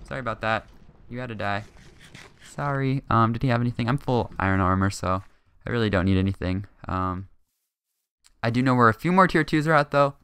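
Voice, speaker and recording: A young man talking through his own game session in a chatty, hyper way, full of ums and quick laughs. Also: lowish voice, pushed and bright, clean tone, no echo. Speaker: gaming channel host. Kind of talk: gameplay commentary.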